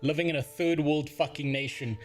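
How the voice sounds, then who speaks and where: A man's voice: on the high side, fairly even intonation, fairly quick, faint music behind. A man from Africa, livestreaming and ranting in casual, profane, exasperated talk. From South Africa.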